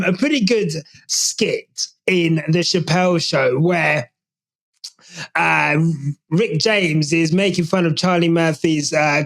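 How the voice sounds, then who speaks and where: A man hosting a podcast, giving casual, animated opinion commentary with jokey asides. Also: sits high. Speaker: podcast host.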